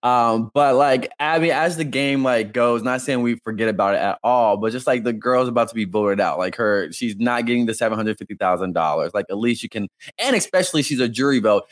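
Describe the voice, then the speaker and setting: A man co-hosting a casual chat, talking in an animated way and saying "like" often. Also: mid-range voice, a little fast, hardly any pauses. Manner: animated, chatty, heavy use of "like". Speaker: podcast co-host.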